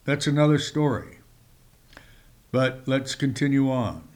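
A man's voice: lively intonation, darkish tone. A man preaching a sermon, speaking with emphatic rises and reading scripture passages aloud in old-fashioned wording. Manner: slow, emphatic delivery with sudden rises in pitch.

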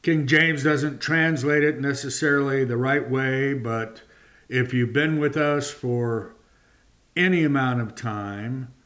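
A man preaching a sermon, reading and explaining scripture slowly and deliberately, drawing out key words. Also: medium pitch, a bit bright.

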